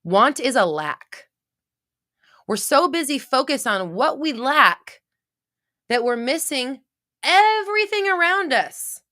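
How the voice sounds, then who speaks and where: A woman's voice: fairly high pitch, very animated, slow pace, pauses often, bright, forceful tone. A woman hosting a livestream who answers chat questions, talking bluntly with swearing, restarts and rambling asides. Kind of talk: casual livestream advice talk.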